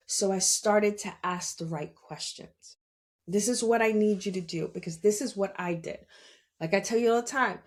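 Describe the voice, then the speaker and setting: A woman with a New York accent, hosting a podcast and telling her own story in a casual, animated way, laughing often and speaking bluntly. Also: medium pitch, normal speed. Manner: blunt and salty. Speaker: podcast host. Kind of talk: casual spiritual monologue.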